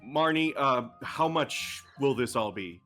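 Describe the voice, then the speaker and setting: A woman voicing a polite young male traveler who speaks slowly and hesitantly. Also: very deep voice, lively intonation, fairly bright tone, faint music behind, heavily acted. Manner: slow, hesitant, full of ums. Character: polite, soft-spoken young man traveler.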